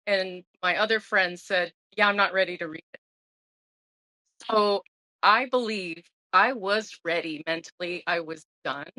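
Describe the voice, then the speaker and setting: Bright-voiced woman in her sixties. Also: lowish voice, a little slow, no room sound, rough recording. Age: 60s. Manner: earnest, emotional, restarts often. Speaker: guest sharing her sobriety story. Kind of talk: candid conversational interview.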